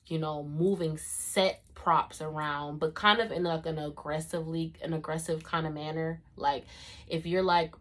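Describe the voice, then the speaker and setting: A woman vlogger telling a story in a casual storytime vlog, animated and full of "like" and "you know what I'm saying". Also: sits low.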